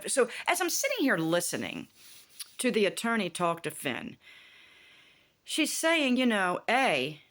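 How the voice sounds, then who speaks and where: A woman vlogging in a casual, indignant rant, animated and swearing freely as she retells a TV plot. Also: lowish voice, a little fast. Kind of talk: casual rant about a TV show.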